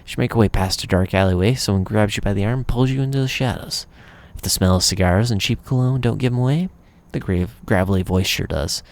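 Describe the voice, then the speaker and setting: A man reading a game's story text aloud in a relaxed way, adding casual asides. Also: fairly low pitch, quick pace, vocal fry. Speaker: gamer reading a visual novel aloud.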